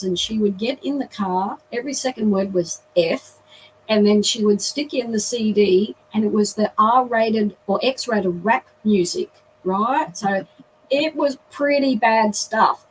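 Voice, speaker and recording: A woman, a guest telling a lively story in an interview. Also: medium pitch, unhurried, distant mic, slight background noise, low-quality recording.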